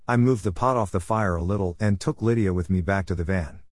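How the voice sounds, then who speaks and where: A man narrating a storybook in a steady, plain reading voice. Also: low-pitched, brisk, few pauses, no echo, studio quality.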